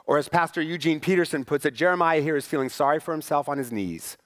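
A pastor preaching a sermon in church, conversational and wry, with rhetorical questions to the congregation. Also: male voice, fairly high pitch, quick pace, long reverb tail. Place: church sanctuary.

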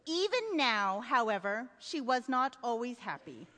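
Animated woman reading and discussing a novel. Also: unhurried. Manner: animated, acts out quotes with big pitch swings. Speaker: literature lecturer. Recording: hall reverb.

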